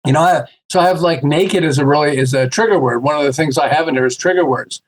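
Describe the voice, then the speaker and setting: A man with a slightly high voice chatting casually as a podcast guest. He tells lively stories and acts out the voices of the people in them. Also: quick pace. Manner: animated, acts out quoted voices with laughs. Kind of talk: casual storytelling chat.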